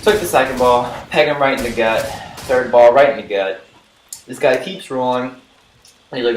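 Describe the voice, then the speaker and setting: A man's voice: medium pitch, normal speed, pauses often. A young man casually telling a story from his school days, rambling with lots of "like" and "you know". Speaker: vlogger. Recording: roomy echo with faint noise.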